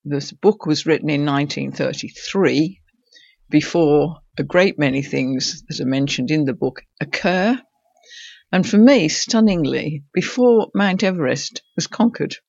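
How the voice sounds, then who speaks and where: A man's voice: a little high, unhurried, vocal fry, darkish tone, no echo. A man co-hosting a book podcast who chats casually and laughs between sentences. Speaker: podcast co-host. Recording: dry, muffled recording.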